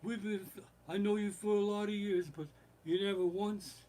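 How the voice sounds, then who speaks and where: A man putting on the voice of an aging mafia don, speaking softly and deliberately in a raised pitch. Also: fairly even intonation, close to an everyday voice. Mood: reproachful. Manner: soft, measured and raised in pitch. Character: aging Italian-American mafia don, calm and grave.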